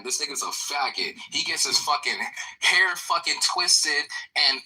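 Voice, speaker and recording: Dude trash talking in a voice chat room, real aggressive, bright sharp voice. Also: male voice, mid-range voice, poor audio. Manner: aggressive, taunting, heavy profanity. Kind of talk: heated trash talk in an audio chat room.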